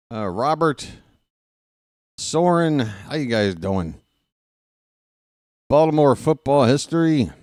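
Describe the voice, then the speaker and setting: Slow, lively joking baseball streamer. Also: male voice, medium pitch, no room sound, studio quality. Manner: rambling, self-mocking, jokey asides. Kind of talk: casual live-stream chat and commentary.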